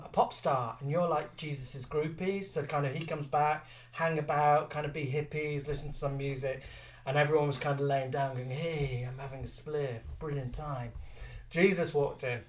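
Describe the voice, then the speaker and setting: A man's voice: medium pitch, distant mic. A man co-hosting a live chat show, telling rambling, giggly anecdotes. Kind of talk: casual storytelling chat.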